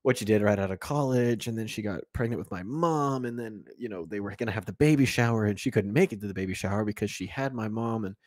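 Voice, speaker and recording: A man's voice: on the low side, a little mellow, no echo, clean studio sound. A young man co-hosting a podcast, telling a family story in casual chat, speeding up and laughing as he goes. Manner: storytelling, quick bursts, laughing asides. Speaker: podcast co-host.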